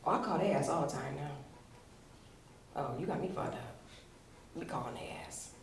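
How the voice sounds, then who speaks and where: A woman doing a stand-up comedy set at a comedy show, telling stories in a brash, profane, animated way. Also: low voice, moderate pace, slight background noise. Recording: roomy venue sound, mic at a distance.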